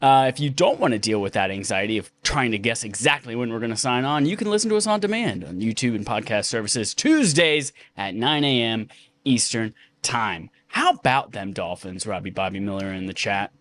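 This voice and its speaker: A man's voice: lowish voice, expressive, brisk, fairly bright tone, slight background noise. A man hosting a casual gaming podcast, joking and chatty. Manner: joking, puts on a drawling cowboy accent at the open. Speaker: podcast host.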